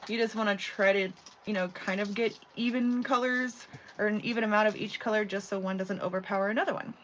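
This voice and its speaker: A craft channel host talks fairly quickly in a mid-range voice with fairly even intonation. She's leading a casual live craft tutorial from home, rambling and chatting with frequent "you know"s and "like"s. The sound is a bit dull and carries a faint hum.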